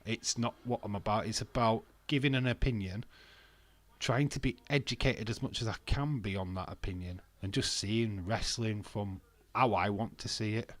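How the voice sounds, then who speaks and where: With a fairly low, steady voice at a moderate pace, this man chats casually on his wrestling stream. His nose is stuffy and bunged-up, and he rambles, jokes at his own expense and laughs frequently.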